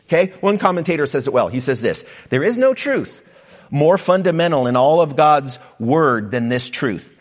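A middle-aged man preaching with a lively, swinging delivery. His voice leaps high for emphasis and drops low and quiet, and he breaks into casual asides to his listeners. He speaks a little higher than most men. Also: normal speed. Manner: animated preaching, pitch rising for emphasis and dropping low; conversational asides to the congregation. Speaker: pastor. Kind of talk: sermon.

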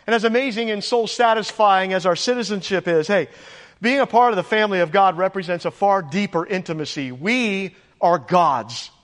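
A man's voice: high-pitched, normal speed, a bit bright. A man preaching a sermon to his congregation, emphatic, rising for stress and asking the room questions. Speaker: pastor. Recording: echoey church hall with long reverb.

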